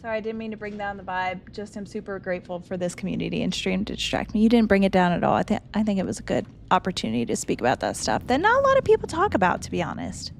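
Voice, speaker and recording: A woman streaming a game live and chatting casually with her viewers, emotional and quick to laugh. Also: mid-range voice, sing-song, creaky, a little hiss or hum.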